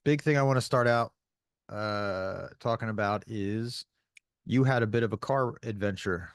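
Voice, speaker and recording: Low-voiced man, friendly podcast host. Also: normal speed, clean tone, dry recording, clean studio sound. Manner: easygoing, friendly, brief replies. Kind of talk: casual podcast chat.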